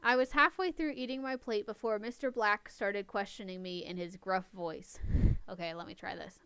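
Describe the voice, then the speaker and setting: A woman with a smooth, clear voice reads a story aloud. She is casual and giggly and drops chatty remarks between passages. The sound is dry and close, with little room echo. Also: mid-range voice, moderate pace, fairly bright tone. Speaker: reader and co-host.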